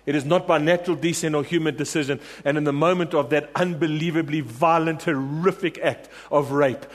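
A man's voice: on the high side, fairly even intonation, a little fast. A man preaching a sermon, emphatic and repetitive, rallying his congregation with questions and refrains. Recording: long reverb of a large hall.

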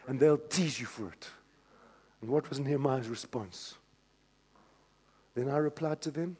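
A male pastor preaching a sermon, swinging from hushed tones to shouts. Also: on the high side, unhurried, pauses often, long reverb tail.

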